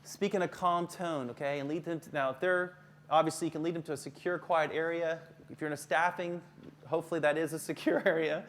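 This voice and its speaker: A man's voice: a little high, fairly even intonation, brisk, a bit bright. Chatty middle-aged man leading a workshop. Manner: joking, conversational, asks the audience questions. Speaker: counselor giving a workshop to teachers. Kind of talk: live workshop talk.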